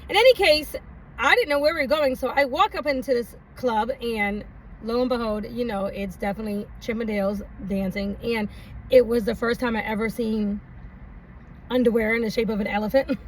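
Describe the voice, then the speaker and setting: High-voiced woman rambling through a laughing story. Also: a little fast. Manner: laughs often, rambling with many fillers. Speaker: vlogger. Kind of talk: casual storytime monologue. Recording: distant mic, faint background noise.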